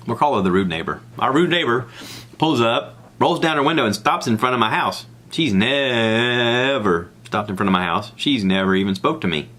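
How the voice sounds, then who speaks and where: A man from the American South with a Southern accent, hosting a podcast and telling a rambling, animated story alone. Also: husky. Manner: rambling, animated, acts out others' lines in a high voice. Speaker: podcast host. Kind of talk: casual solo storytelling.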